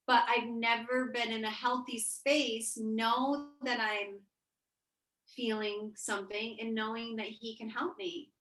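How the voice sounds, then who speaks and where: A woman's voice: on the high side, fairly even intonation, a little slow, fairly bright tone, echoey room, rough recording. A woman co-hosting a casual spiritual heart-to-heart chat, emotive and swearing freely. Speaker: co-host.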